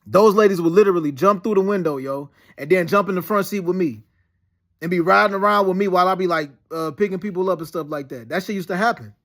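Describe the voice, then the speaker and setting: A man's voice: sits high, fast talker, a bit bright. A man in his thirties telling a long, meandering story in a casual monologue, heavy on slang, fillers and restarts. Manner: slangy, peppered with "yo" and "you know what I'm saying". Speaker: vlogger recounting dreams and past events.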